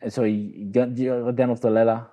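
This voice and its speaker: A man's voice: mid-range voice, flat delivery, a little fast, dark tone, highs cut off. A middle-aged Australian man telling a long story in a casual, rambling way, often saying "you know what I mean". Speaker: interview guest, boxer.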